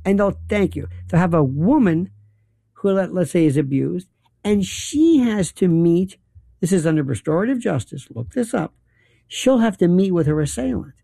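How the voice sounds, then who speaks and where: Guy on talk radio ranting and telling stories, gravelly voice, dry studio sound. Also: sits high, moderate pace, dry recording. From New York. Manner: animated storytelling, acts out quoted people. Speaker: radio talk show host. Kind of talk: opinionated talk radio monologue.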